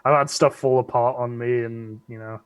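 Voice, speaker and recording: A cosplayer chatting on a live stream, telling stories with restarts and laughs. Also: male voice, medium pitch, fairly even intonation, moderate pace, clean tone, no echo. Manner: rambling storyteller with restarts and laughs. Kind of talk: casual chat.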